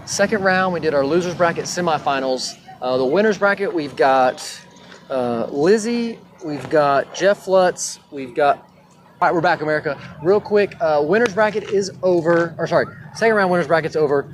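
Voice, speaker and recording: A man's voice: on the high side, normal speed, slight background noise. A man, casually hosting a drag racing livestream, joking and chatty with loose fillers. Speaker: livestream host. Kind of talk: casual live event hosting. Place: outdoor drag strip. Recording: echoey outdoor track with crowd. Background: crowd at a race track.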